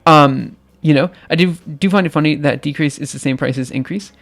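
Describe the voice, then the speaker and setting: A young man hosting a live stream, his voice light and somewhat androgynous, sitting a bit higher than most men's. He talks in a loose, rambling way, full of ums and restarts, and laughs easily. His voice has a noticeable gravelly fry. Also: a little fast, fairly bright tone. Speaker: livestream host. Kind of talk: casual live-stream chat.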